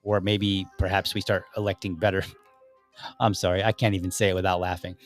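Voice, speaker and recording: A man hosting a political podcast in a casual, opinionated way, rambling with frequent restarts, his voice a bit deeper than usual as he is under the weather. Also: little pitch movement, brisk, soft background music. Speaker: podcast host.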